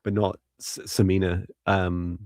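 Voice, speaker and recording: A man's voice: low-pitched, little pitch movement, unhurried, a little mellow, no echo, studio quality. A man giving psychic readings on a live stream, talking hesitantly with many fillers and restarts. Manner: laughs lightly at his own slips. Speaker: psychic reader and co-host.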